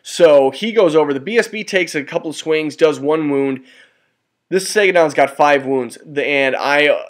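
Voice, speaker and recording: A man casually narrating a tabletop wargame battle report over photos, rambling and excitable, often restarting and correcting himself. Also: a little high, moderate pace. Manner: mild cursing and exclamations.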